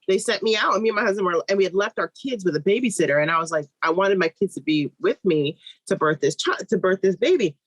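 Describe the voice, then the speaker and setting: Animated woman telling a birth story. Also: dry recording, low-quality recording. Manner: animated, acts out quoted voices with big pitch jumps; fast, run-on telling with restarts. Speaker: guest, midwife. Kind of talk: personal storytelling in conversation.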